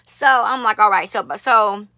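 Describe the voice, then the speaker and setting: A woman talks straight to her viewers in a blunt, profane, animated way, with constant asides to her audience. Her voice is bright and forward, at a middle pitch for a woman. The sound is dry and close, with no room in it. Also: normal speed, no echo. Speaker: vlogger. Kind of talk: casual storytelling to viewers. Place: lives in Las Vegas.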